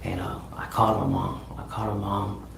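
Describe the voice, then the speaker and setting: A man giving halting courtroom testimony, repeating words and often saying "man". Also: lowish voice, little pitch movement, creaky. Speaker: defendant testifying. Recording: echoey courtroom with noise.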